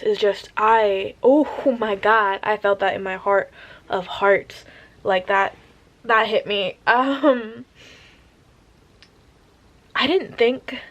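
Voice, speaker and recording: A woman's voice: mid-range voice, steady tone, slow, pauses often, fairly bright tone, muffled recording. A young woman chatting casually about a book she is reading, gushing and rambling, sometimes dropping to a whisper. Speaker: reading vlogger.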